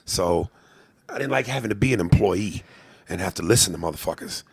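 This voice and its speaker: A man hosting a comedy podcast, talking in a profane, animated way and breaking into impressions. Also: low-pitched, a little fast, gravelly, breathy edge, no echo. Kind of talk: casual comedy podcast chat.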